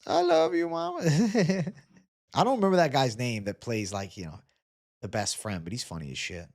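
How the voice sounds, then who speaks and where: A man's voice: medium pitch, animated, normal speed, darkish tone. A man hosting a casual livestream, reading chat comments aloud and joking in a laid-back way with casual swearing. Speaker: livestream host.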